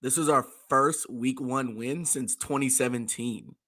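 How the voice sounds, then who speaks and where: A man with a hoarse, worn-out voice talks casually as a co-host. His tone is bright and forceful even through the rasp. He is excitable and laughs often. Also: mid-range voice, a little slow. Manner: excitable, laughing fan talk. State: hoarse, voice nearly gone. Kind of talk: casual chat.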